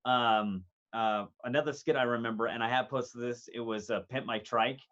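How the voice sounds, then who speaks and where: A man hosting a podcast, reminiscing casually with an old college friend, halting with fillers and restarts and laughing often. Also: mid-range voice, steady tone, fairly bright tone, dull audio. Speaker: podcast host.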